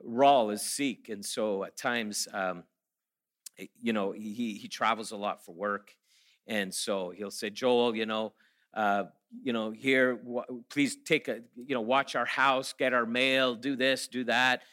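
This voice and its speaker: A man's voice: medium pitch, fairly even intonation, takes it slowly, fairly bright tone. A middle-aged man giving a sermon, telling stories and then rising to emphatic preaching. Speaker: guest speaker.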